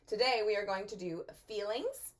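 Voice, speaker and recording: A woman teaching a virtual Spanish review to young children in a sing-song, animated teacher voice. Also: mid-range voice, moderate pace.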